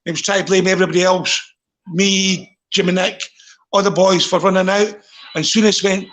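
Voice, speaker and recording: A man, a former footballer, telling loose, rambling anecdotes in casual chat. His voice sits high for a man, and he doubles back on his words as he goes. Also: steady tone, moderate pace, a bit bright, poor audio.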